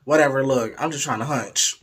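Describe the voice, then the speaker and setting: A man's voice: medium pitch, brisk, a bit bright, breathy edge. A young man telling a frank, profane, playful story in a casual way, slipping into the voices of the people in it. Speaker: vlogger.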